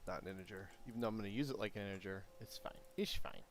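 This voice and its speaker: A man live-streaming his game programming, chatting casually and talking to himself, with sudden excited outbursts. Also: fairly low pitch, racing, a little hiss or hum. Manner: rambling, self-talk with sudden excited outbursts. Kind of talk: casual live-stream chat while coding.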